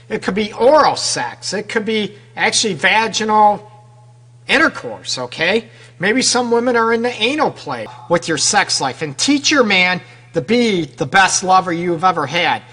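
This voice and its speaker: A fairly high-pitched man with a bright, forceful tone hosts a radio advice show. He speaks to his listeners in a frank, loose, conversational way and keeps asking them questions. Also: slightly rough. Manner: talks straight to listeners with rhetorical questions. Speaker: radio show host and relationship counselor.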